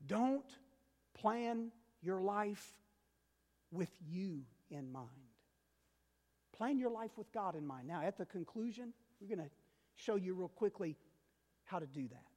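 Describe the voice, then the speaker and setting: A male pastor preaching a sermon, emphatic and repeating key words, swinging between loud and quiet. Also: sits high, sing-song, slow pace, in a large hall.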